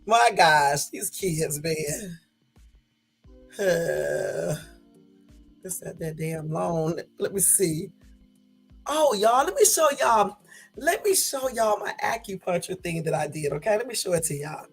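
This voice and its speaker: A woman's voice: fairly low pitch, lively intonation, slow pace, gravelly, long pauses, slightly rough, soft background music, poor audio. A woman vlogger at home, chatting casually to her viewers late at night, laughing and rambling.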